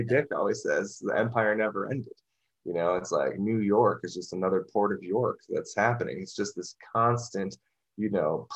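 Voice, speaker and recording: A man's voice: lowish voice, vocal fry, fairly bright tone, husky, low-quality recording. A man talking in a casual podcast discussion, rambling and restarting, full of "you know".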